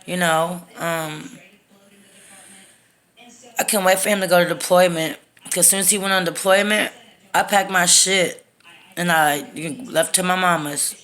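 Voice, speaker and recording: Bright-voiced woman telling stories. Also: on the low side, fairly even intonation, measured pace, long pauses. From Texas. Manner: candid, profane and rambling. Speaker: storytime vlogger. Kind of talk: casual storytime monologue. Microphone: phone.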